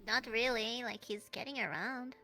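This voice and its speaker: High bright woman, chatty and decisive. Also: normal speed, soft background music. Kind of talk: casual tabletop role-play.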